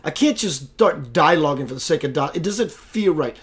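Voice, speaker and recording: This man's voice sits on the high side and is expressive, moving briskly with few pauses. As host of a spiritual web radio show, he chats playfully and casually on the livestream, laughing often and welcoming viewers by name.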